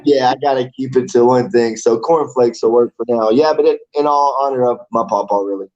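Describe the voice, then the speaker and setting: Appearing as a guest in a relaxed interview, a man in his forties who fights amateur MMA rambles and swears offhandedly. He talks fairly quickly in a mid-range, slightly mellow voice, with the highs cut off.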